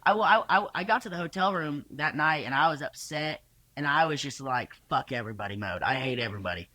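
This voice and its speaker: A young man, a podcast guest, telling rodeo stories casually with energetic, profane, stumbling restarts. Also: fairly high pitch, moderate pace, no room sound. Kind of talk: casual storytelling.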